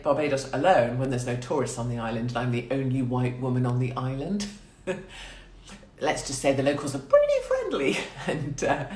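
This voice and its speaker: A woman's voice: extremely low pitch, roomy sound. A woman in her forties hosting a casual livestream chat from a small quarantine room. She is crude and irreverent, and she rambles and laughs a lot. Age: 40s. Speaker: livestream host.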